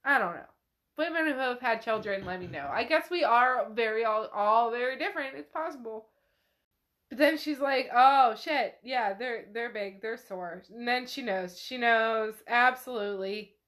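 A woman with a fairly high voice hosts a podcast and retells a novel casually. She talks in a chatty, profane way, filling her sentences with "like." Her tone is loose and conversational. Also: expressive, moderate pace, a bit bright. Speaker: podcast host. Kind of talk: casual book recap chat.

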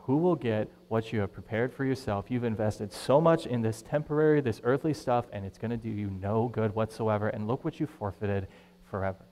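Animated pastor in an echoey hall. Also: male voice, on the low side, a little fast. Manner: conversational, animated, acts out quoted voices. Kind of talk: sermon.

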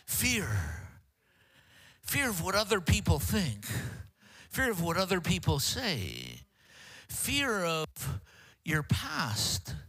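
An older man delivers a sermon as a guest preacher. His voice sits high and sounds bright, and he keeps breaking into jokey, self-deprecating asides. He stumbles through halting restarts before pressing on. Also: wildly swooping pitch, breathy edge.

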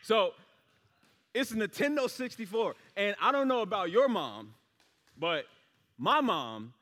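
A young man tells a story in his sermon in a loose, rambling way, full of fillers. His voice sits slightly high for a man. A long hall reverb trails each phrase. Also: very animated, a little slow, bright, forceful tone. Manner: casual, rambling, many fillers.

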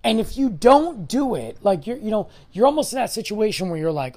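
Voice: mid-range voice, lively intonation, moderate pace, few pauses, a little mellow. A middle-aged podcast host ranting in a solo episode, exasperated and firing off mocking rhetorical questions. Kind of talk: solo opinion rant.

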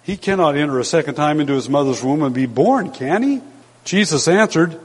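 An older man preaching a sermon as pastor, emphatic, slowing down to stress the scripture he quotes. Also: on the high side, expressive, slightly rough. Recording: long hall reverb.

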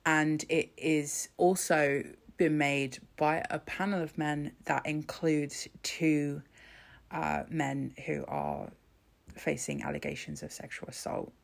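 Podcast host: young woman, low gravelly voice, rambling and sweary. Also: a bit bright. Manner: chatty, sweary, rambling with many restarts. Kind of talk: solo podcast monologue.

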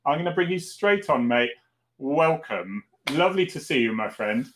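Brief: Cornish host in his fifties, loose and chatty, animated intonation. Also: a little high, normal speed, slight background noise. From Cornwall, England. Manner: chatty, rambling, laughs often. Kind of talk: casual chat.

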